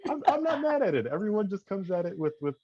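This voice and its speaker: A man's voice: high-pitched, very animated, quick pace, mellow, husky, dull audio. A man chatting casually as a podcast guest, easygoing and agreeable. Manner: easygoing, agreeable, lots of fillers. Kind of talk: casual chat.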